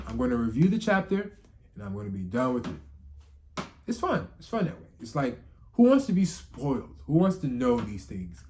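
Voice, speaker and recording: A young man giving a casual spoken manga review, rambling with lots of filler words and frequent swearing, and swinging from subdued to excited outbursts. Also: on the high side, normal speed, slight background noise. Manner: emotional, rising to excited outbursts.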